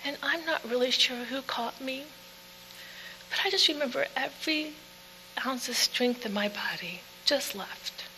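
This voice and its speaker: A woman giving an earnest personal testimony speech in plain storytelling, dropping to quiet passages. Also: sits high, measured pace. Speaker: speaker telling her own story. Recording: echoey hall with faint hum.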